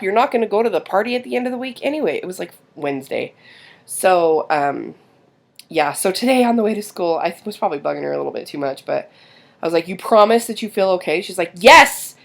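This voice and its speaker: In a lowish, creaky voice, this thirtysomething mother and vlogger talks casually while putting on makeup. Her confessional chat rambles and hesitates, full of self-doubt, sighs and fillers.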